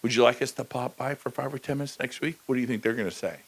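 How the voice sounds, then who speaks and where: A man's voice: rapid-fire, rough recording. A middle-aged man giving a motivational real estate talk on a conference stage, full of energy and calling out to the crowd. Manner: high-energy, shouting bursts and crowd call-outs.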